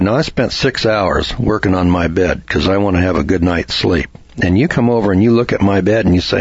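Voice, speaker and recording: Guy with a low husky voice, folksy lecture, dry lo-fi recording. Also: no echo. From United States. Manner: homespun, argumentative, acts out dialogue.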